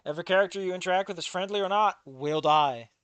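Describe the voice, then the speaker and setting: A man's voice: high voice, a bit bright, clear, resonant tone, no echo. A man giving casual, sarcastic read-along commentary on a fan fiction, exasperated and swearing often.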